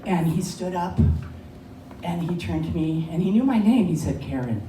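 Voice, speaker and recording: A woman's voice: fairly low pitch, normal speed, warm tone. A woman telling a personal story at a live story slam, conversational and often laughing. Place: bar lounge stage. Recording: echoey lounge, distant mic, background noise.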